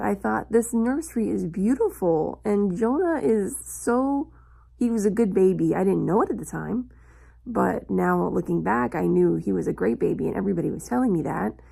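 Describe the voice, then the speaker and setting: A woman in her thirties talks slowly through a personal story for her vlog, pausing often as she thinks back. Her voice is gravelly and dark, sitting a little low. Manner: slow, reflective storytelling with long pauses. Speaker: vlogger.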